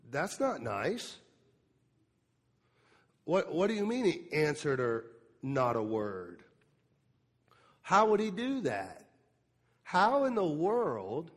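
A man delivers a sermon in a fairly high voice. He acts out each scripture voice with dramatic swells and then sinks to intimate lows. The sound rings with the long reverb of a large hall. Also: a bit bright. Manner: dramatic preaching that acts out the Bible voices with rising emphasis. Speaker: pastor.

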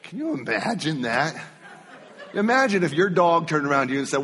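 A man preaching a sermon, telling a story with animated swings from loud to hushed. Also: a little high, fairly quick. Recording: long reverb of a church hall.

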